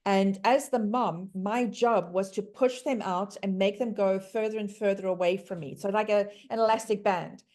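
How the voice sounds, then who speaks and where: A woman's voice: mid-range voice, fairly even intonation, moderate pace, few pauses, a little mellow. Rambling mother telling family stories. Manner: rambling storytelling, frequent restarts and stammers. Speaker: podcast guest, mother. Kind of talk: casual chat.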